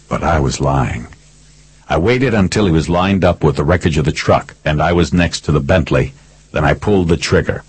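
A man narrating a first-person thriller audiobook in a steady, terse way. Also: sits low, breathy edge, no room sound, rough recording.

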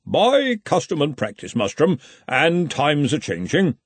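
A man's voice: fairly high pitch, wildly swooping pitch, a little slow, slightly rough, dry recording, pitched above the performer's own voice, exaggerated voice. A man doing a smug, chirpy rival wizard. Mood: blithe. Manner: blithe, genteel, self-satisfied. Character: smooth, cheerful, smug rival male wizard.

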